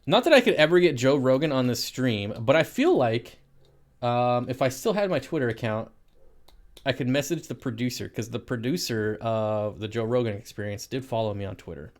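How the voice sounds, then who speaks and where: A man's voice: medium pitch, animated, moderate pace. A man hosting an aquarium live stream, chatting casually and laughing as he answers viewer comments.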